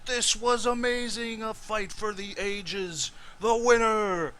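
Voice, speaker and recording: Man putting on a booming arena announcer. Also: fairly even intonation, bright, forceful tone, smooth, heavily acted. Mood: excited. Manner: booming, drawn-out proclamations. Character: excitable male arena announcer.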